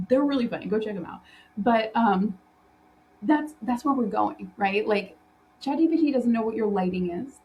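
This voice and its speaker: A woman hosts a solo podcast in a loose, chatty way, her voice sitting at an ordinary middle pitch. She fills her talk with little fillers, restarts her thoughts, and laughs easily as she goes. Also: warm tone, slight background noise, poor audio. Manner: laughs often while telling stories. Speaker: podcast host and interior design business coach.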